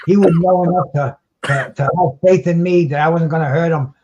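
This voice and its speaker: A man's voice: a little high, fairly even intonation, fairly quick, a little mellow. Lo-fi rambling man on a call. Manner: rambling, repeats words and restarts, swears casually. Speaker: guest on a boxing talk show. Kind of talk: casual chat. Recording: dull lo-fi sound.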